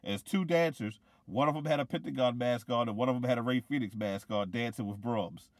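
A man's voice: mid-range voice, fairly quick, no room sound. A young man with a mid-range voice chats casually. He rambles and uses a lot of fillers. The sound is dry and close to the mic. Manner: rambling, filler-heavy, excitable. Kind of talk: casual chat.

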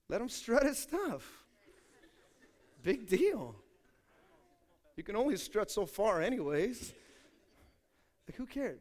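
This is a pastor delivering a sermon, his voice high in pitch. Speaking straight to the congregation with emphasis, he alternates hushed asides with booming proclamations.

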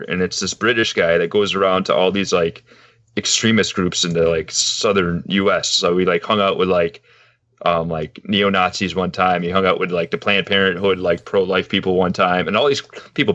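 A man co-hosting a podcast, chatting casually, animated and laughing often. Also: low voice. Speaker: podcast co-host. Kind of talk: casual chat. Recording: dry, dull lo-fi sound.

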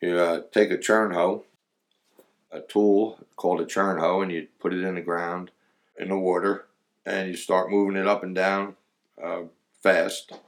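A man's voice: sits low, little pitch movement, unhurried. A man casually recounting his days digging clams, rambling with fillers and laughing through his stories. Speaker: former clammer recalling old times. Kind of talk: casual storytelling chat.

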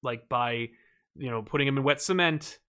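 A man in casual podcast chat, talking at a middle pitch. He rambles with many fillers and restarts, animatedly retelling scenes as he goes. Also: normal speed, sharp tone, clean tone.

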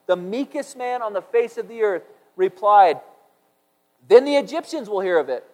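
A man's voice: high-pitched, animated, moderate pace. A man preaching a sermon, reading scripture aloud and acting out the quotes with big swings in volume. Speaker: pastor. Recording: long hall reverb.

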